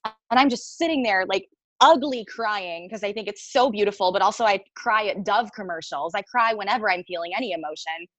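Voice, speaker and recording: A woman's voice: medium pitch, a little fast, a bit bright, dry recording, low-quality recording. Woman, actor, casual interview storytelling, frank and laughing, cursing freely, dry recording. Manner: candid, swears freely, laughs often.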